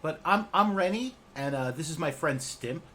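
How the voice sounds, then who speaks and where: A man voicing a friendly, sociable male halfling in a tabletop role-playing game, speaking with eager warmth. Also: fairly high pitch, expressive, normal speed, slight background noise, voice pushed up.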